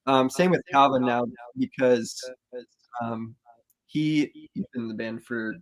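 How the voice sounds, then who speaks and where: Relaxed, halting man in a band. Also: mid-range voice. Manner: relaxed, halting, with many ums and restarts. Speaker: band member, podcast guest. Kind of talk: casual interview chat.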